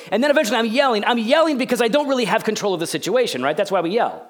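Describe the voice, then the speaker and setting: A man in his forties preaching a sermon as a pastor, conversational and jokey, swinging from loud outbursts to hushed, near-whispered lines. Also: high-pitched, lively intonation, very fast, hardly any pauses.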